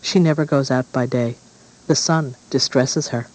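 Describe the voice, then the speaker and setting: A fatherly king from a dark fairy tale, as a man reads him. He speaks firmly and evenly, at an ordinary middle pitch. His tone is grave and settled. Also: steady tone, unhurried, natural voice, rough recording.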